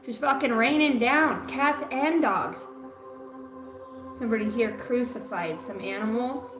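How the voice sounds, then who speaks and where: A woman's voice: a little high, a little slow, reverberant, music in the background, low-quality recording. A woman giving a zodiac card reading on a livestream, cursing a lot and rambling from joke to joke. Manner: profane, rambling and jokey. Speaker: astrology card reader.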